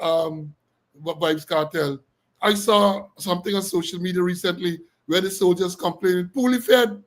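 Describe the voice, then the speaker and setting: High-voiced Guyanese talk host. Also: male voice. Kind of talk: political talk show commentary.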